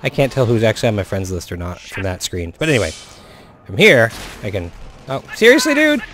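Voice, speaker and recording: A young man commentating his own shooter gameplay as he plays, swinging between low muttering and excited whoops. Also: brisk, slight background noise. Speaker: gaming video host.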